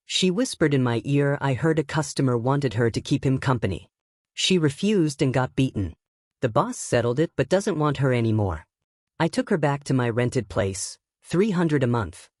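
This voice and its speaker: A man narrating a first-person story in a steady, wry way. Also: medium pitch, normal speed, dry recording, studio quality.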